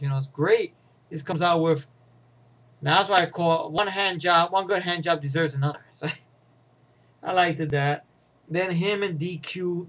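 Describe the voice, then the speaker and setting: High-voiced rambling man reviewing a movie. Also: lo-fi sound. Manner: rambling, laughs often, restarts and repeats words; acts out movie lines in character. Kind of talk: casual spoken movie review.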